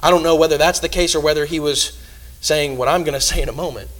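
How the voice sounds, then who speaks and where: Male preacher, fairly high voice, earnest sermon, hushed asides between loud emphasis. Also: fast talker, poor audio.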